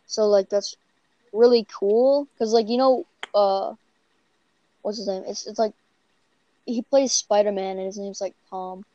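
Young woman, Canadian accent, casual rambling chat, mellow tone, dry dull recording. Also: medium pitch, steady tone, unhurried, pauses often, no room sound. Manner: rambling, heavy use of "like" and "bro".

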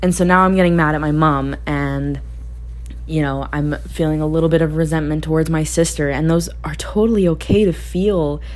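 A young woman podcast host with a low voice reflects candidly in a personal monologue, thinking aloud, restarting sentences and laughing easily. Her tone stays steady and her pace moderate.

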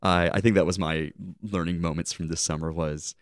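A man with a low, steady voice talks briskly in a studio-quality recording without echo. In relaxed, reflective podcast conversation, the co-host rambles sincerely about the summer he spent leading camp, often restarting and correcting his sentences.

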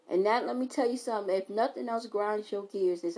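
A woman podcast host, giving an animated, preachy, comedic motivational monologue and laughing between lines. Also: medium pitch, fairly quick, few pauses, rough recording.

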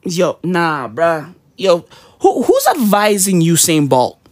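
A man delivering a profane, slang-heavy comedic rant on his weekly show, full of mock outrage and sudden high shouts. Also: slow, dry recording, clean studio sound. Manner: profane, animated, peppered with slang. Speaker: comedy podcaster.

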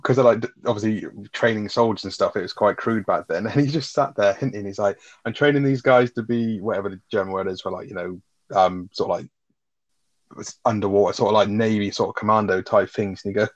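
A man's voice: lowish voice, lo-fi sound. A man co-hosting a casual film review, rambling, swearing and laughing as he talks. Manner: fast, rambling, swears often, laughs a lot. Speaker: podcast co-host.

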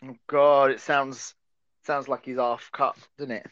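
A man's voice: mid-range voice, flat delivery, unhurried, fairly bright tone, no echo, dull audio. A man co-hosting a casual podcast chat, rambling and self-deprecating. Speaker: podcast co-host.

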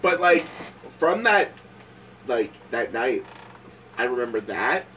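A man in casual chat, telling a story in a laid-back, halting way. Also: mid-range voice, big pitch swings, sharp tone, far from the mic, low-quality recording. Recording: voice a little off-mic with faint noise.

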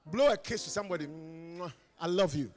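A Ghanaian man preaching a lively conference sermon, teasing his listeners and swinging from quiet asides to shouted calls. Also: high-pitched, very fast, long reverb tail, soft background music. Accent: Ghanaian English. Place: large conference hall.

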